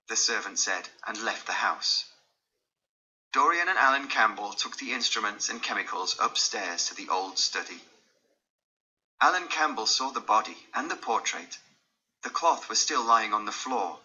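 A man narrating a graded-reader audiobook in a clear storytelling manner. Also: on the low side, expressive, moderate pace, bright, forceful tone, lo-fi sound.

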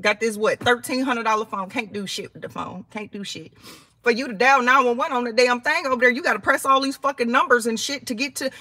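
A woman tells a storytime on her channel in a casual, animated way, swearing freely and acting out what people said. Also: on the high side, fairly quick, no room sound. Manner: animated, heated, swears freely, acts out quotes. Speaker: vlogger telling a story.

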